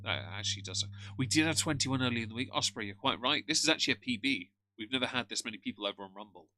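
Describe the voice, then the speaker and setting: Male streamer, bright tone, jokey banter with chat. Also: mid-range voice, racing, a little hiss or hum. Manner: greets chat members by name, jokey. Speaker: streamer reacting to a video. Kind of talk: casual live-stream chat.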